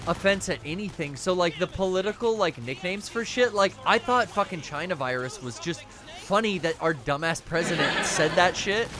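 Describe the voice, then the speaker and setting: A man's voice: high-pitched, moderate pace. A man hosting a live stream, chatting casually, swearing freely and laughing often. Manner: profane, animated, laughs a lot. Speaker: stream host. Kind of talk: casual chat.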